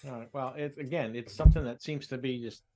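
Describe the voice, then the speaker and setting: A man's voice: medium pitch, fairly even intonation, quick pace, darkish tone, soft background music. A man joining a casual video call chat with teasing remarks. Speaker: call participant.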